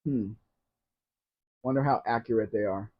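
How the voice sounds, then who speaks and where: A man's voice: mid-range voice, measured pace. A man hosting a casual live question-and-answer stream, blunt and teasing, with opinionated asides. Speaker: livestream host. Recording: dull lo-fi stream audio.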